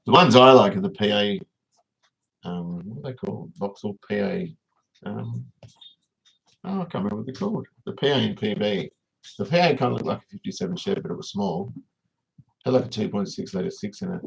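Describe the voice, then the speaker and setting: A man's voice: fairly low pitch, lively intonation, a little fast, vocal fry, long pauses, rough recording. An Australian man hosting a casual livestream, rambling and reading viewers' comments aloud as he answers them. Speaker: livestream host.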